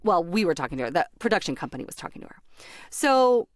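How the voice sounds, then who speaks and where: A woman's voice: fairly low pitch, big pitch swings, fast, dry recording, studio quality. Bubbly American woman telling a story. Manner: bubbly, laughs through the story. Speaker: voice actor sharing a story. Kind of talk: casual storytelling.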